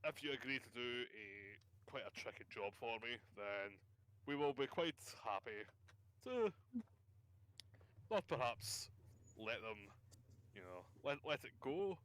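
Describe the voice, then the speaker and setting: A man's voice: medium pitch, a bit bright. A man doing a grizzled one-eyed old boss. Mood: wheedling.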